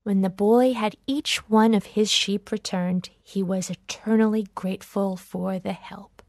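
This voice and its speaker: Reading a children's storybook meant for following along, a woman keeps a slow, even pace and a mid-level pitch. Her voice is clear and expressive, captured up close and dry with no echo.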